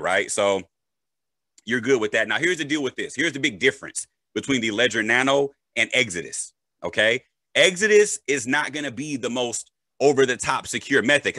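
Male crypto educator, casual and jokey, bright voice, dry close recording. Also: mid-range voice, no echo. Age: adult, a parent. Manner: animated, joking, checks in with "right?" and "okay?". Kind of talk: casual explainer.

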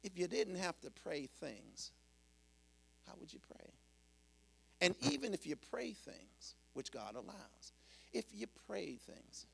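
A male pastor preaching a sermon, his delivery swinging from hushed to shouted, with cries of "woo" between points. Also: high-pitched, gravelly, a little hiss or hum.

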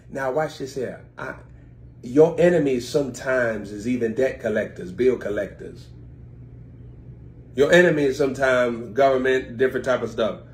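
A man preaching a live-streamed sermon. He reads scripture slowly and then explains it in informal, chatty asides to his viewers, with sudden swings in pitch and loudness. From United States.

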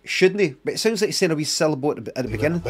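Swearing Scottish streamer, higher voice. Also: male voice, animated, rapid-fire, faint music behind. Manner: chatty, muttering to himself, swearing. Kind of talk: live-stream commentary.

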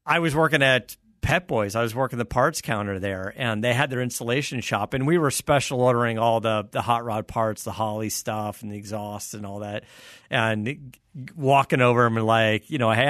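A man's voice: mid-range voice, fairly bright tone, no echo, clean studio sound. A man hosting a casual chat who also reads a sponsor ad, easygoing in manner. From South Florida. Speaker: host.

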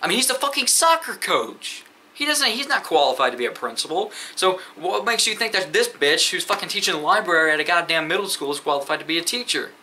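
A man's voice: sits high, expressive, fast talker, sharp tone, slight background noise, poor audio. Profane, rambling teenage boy. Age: teens. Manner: profane, rambling, many fillers. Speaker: vlogger. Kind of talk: casual storytime rant.

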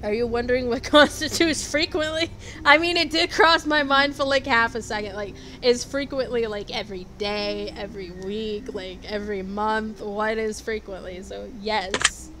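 A young woman with a slightly high voice talks through an online quiz in casual vlog style. She is blunt and sarcastic and swears constantly. Steady noise sits behind her voice. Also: moderate pace. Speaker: vlogger. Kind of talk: casual commentary answering quiz questions. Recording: noisy background.

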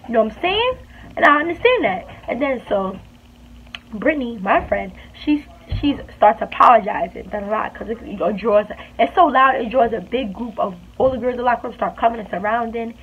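A woman's voice: fairly high pitch, fairly quick. Chatty woman vlogger with a tinny sound. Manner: animated, chatty retelling with emphatic repeats. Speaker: beauty vlogger. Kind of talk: storytime vlog. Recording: tinny phone-like sound with faint hiss.

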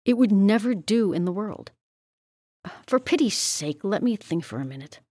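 A woman reading aloud as a proud, bustling older spinster who talks briskly and fussily. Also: medium pitch, sing-song, dark tone, slightly rough, dry recording, studio quality. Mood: dismayed. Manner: brisk, fussy, exclamatory.

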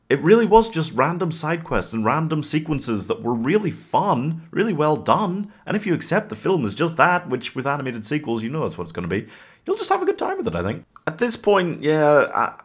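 A young man giving a casual, wry spoken movie review in a relaxed conversational way. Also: mid-range voice, husky. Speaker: film reviewer.

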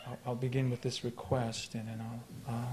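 A man giving a poetry reading at a live event, talking in a halting, reflective way with many fillers and restarts, then reciting his verse in a slow, measured voice. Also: mid-range voice, flat delivery, background noise. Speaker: poet. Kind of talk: poetry reading with spoken introduction. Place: lecture hall at a live event.

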